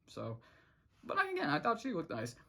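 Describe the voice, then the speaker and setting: Giggly vlogger rambling through a cartoon recap, lots of um and like, voice shoots up high when something's funny. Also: huge pitch swings, moderate pace, creaky, pushed and bright, slightly rough. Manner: rambling, many restarts and fillers; laughs often, jumps to high pitch when amused. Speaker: cartoon episode reviewer. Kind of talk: casual unscripted review vlog.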